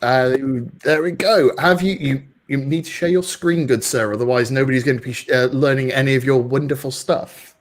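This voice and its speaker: A man's voice: mid-range voice, fairly even intonation, moderate pace. A man hosting an online tech meetup over a video call, playful and self-mocking. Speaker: meetup host. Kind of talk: casual event hosting.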